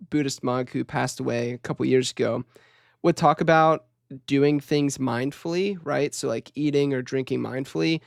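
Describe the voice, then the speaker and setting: A man in a podcast conversation who speaks in a relaxed, reflective way and laughs easily. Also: medium pitch, gravelly, no room sound, clean studio sound.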